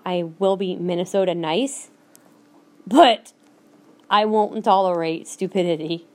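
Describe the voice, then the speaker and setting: A woman's voice: mid-range voice, mellow. Blunt, emphatic woman podcast host. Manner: blunt, emphatic, repeats herself. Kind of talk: solo podcast rant. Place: lives in Minnesota.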